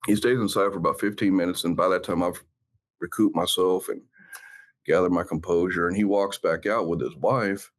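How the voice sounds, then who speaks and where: A man, a former police officer, earnestly recounting his past in an interview, halting and reflective with many fillers. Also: low voice, steady tone. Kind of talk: personal storytelling in an interview.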